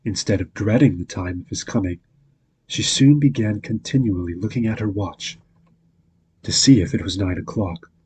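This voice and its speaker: Male radio storyteller, low and raspy, calm bedtime reading. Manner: calm, measured narration.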